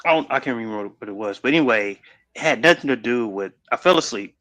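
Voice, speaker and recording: A man with a bright, forceful voice telling stories in a loose podcast chat. His pitch swings widely as he gets into a tale, and he laughs easily along the way. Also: quick pace, no echo. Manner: animated storyteller who laughs often and breaks into high-pitched exclamations. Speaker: podcast co-host. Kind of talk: casual chat.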